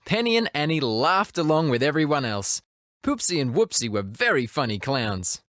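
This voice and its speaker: A narrator reading a children's storybook with lively expression. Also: mid-range voice, moderate pace, no room sound, clean studio sound.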